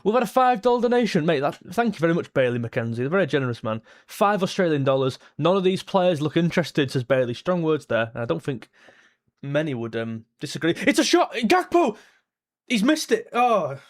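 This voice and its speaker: A young man, reacting live to a football match, blunt and frustrated, jumping to excited shouts at chances. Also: on the high side, fast. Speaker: football fan streamer. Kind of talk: live match watchalong commentary.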